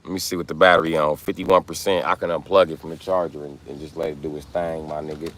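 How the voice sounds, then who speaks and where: Here a very deep-voiced man talks quickly over a faint hiss or hum. He's a live streamer broadcasting by phone from inside his car, cursing freely and telling comedic stories in an animated, offhand rant.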